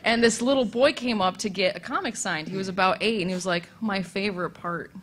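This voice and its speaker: A woman's voice: medium pitch, fast, slight background noise. A young woman telling funny stories on a convention panel, laughing often as she goes. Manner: laughing, animated anecdote telling. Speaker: comic creator on a convention panel. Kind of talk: casual storytelling.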